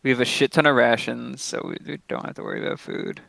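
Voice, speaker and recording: A man's voice: mid-range voice, fairly even intonation, fast, gravelly, fairly bright tone, dry recording. A man playing in a tabletop game, chatting in a joking, laid-back way. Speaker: player. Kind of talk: casual chat at a tabletop game.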